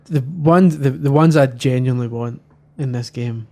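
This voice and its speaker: A man co-hosting a podcast, nerdy and quick to recall old games. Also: mid-range voice, gravelly, warm tone. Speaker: podcast co-host. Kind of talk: casual chat.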